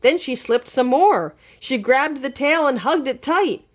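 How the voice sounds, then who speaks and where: Woman librarian, storybook read-aloud, very lively pitch, slow and clear. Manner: expressive, animated read-aloud. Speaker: children's librarian. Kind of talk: children's storybook reading.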